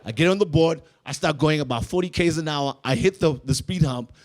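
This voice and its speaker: A young man, doing animated stand-up storytelling and acting out voices. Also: a little high, brisk. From South Africa. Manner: animated, acts out voices, laughs through lines. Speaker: stand-up comedian. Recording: noisy live room.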